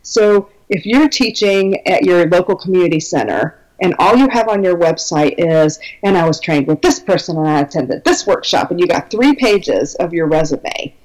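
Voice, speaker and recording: A woman's voice: on the low side, animated, normal speed, few pauses, a little mellow, poor audio. A woman talking as a guest belly dance teacher in a casual conversation, chatty and enthusiastic with many fillers.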